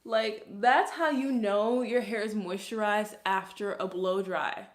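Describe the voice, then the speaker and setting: A woman's voice: mid-range voice, fairly even intonation, a little slow, echoey room. A young woman from Brooklyn with a Brooklyn accent, a curly hairstylist chatting casually through a hair tutorial, full of "like"s and laughs. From Brooklyn, New York. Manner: chatty, many "like"s, laughs often.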